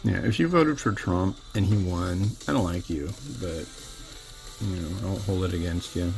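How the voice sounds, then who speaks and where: A man's voice: low-pitched, moderate pace, music in the background. A man hosting a noodle review show, chatting casually and in a rambling, opinionated way while he cooks and tastes. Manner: rambling, opinionated, restarts often. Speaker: host of an instant noodle review channel. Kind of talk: casual chat while cooking and tasting.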